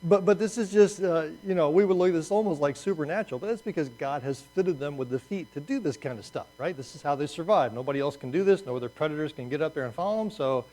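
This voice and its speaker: A man preaching a conversational sermon with slides, animated and restarting phrases as he goes. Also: fairly high pitch, fast talker, hardly any pauses, rough recording. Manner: animated, repeats words as he restarts. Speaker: pastor.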